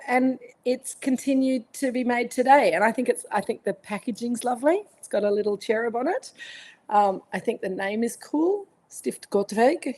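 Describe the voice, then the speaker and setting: A woman's voice: a little high, a little mellow. An Australian woman hosting a live online wine tasting from home, chatting casually, greeting viewers by name with lots of fillers. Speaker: winemaker and host of a live virtual tasting. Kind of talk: casual live-stream chat.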